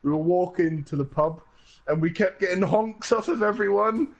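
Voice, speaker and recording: A man's voice: sits high, normal speed, highs cut off. A young man co-hosting a podcast, telling rambling anecdotes in casual chat and swearing freely. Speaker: podcast co-host.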